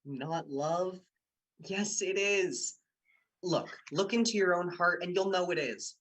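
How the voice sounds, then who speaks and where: A young man with a high-sitting, slightly bright voice takes his lines slowly in an amateur radio drama. He plays Dick, a persuasive university student who coaxes, teases and insists with his girlfriend, the mood staying coaxing throughout.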